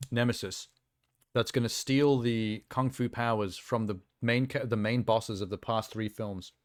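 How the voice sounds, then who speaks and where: A man's voice: fairly low pitch, no room sound, studio quality. A man streaming casual reaction chat, rambling and offhand with lots of fillers, talking around a sour lolly in his mouth.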